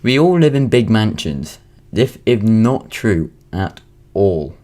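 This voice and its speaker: A late-teens young man from Wales with a British accent rambles through a casual vlog monologue recorded at home, full of ums and restarts. His voice is lowish and dark in tone, very animated but slow.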